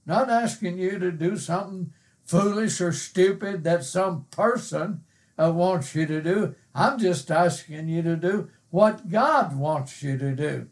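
Man preaching, high voice, slow and deliberate, earnest, emphatic, halting "uh" pauses. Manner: quotes scripture in old-fashioned wording. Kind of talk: sermon.

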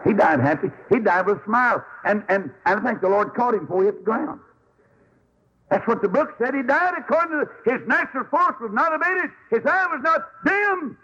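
A man preaching a sermon as a Baptist preacher, telling stories in a folksy, animated way with sudden high swoops. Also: fairly quick, breathy edge, muffled recording.

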